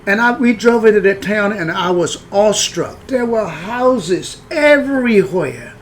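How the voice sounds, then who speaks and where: Folksy male storyteller, fairly high voice, rambling and candid, faint background hum. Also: lively intonation, unhurried. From rural upbringing. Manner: rambling, frank, with many restarts.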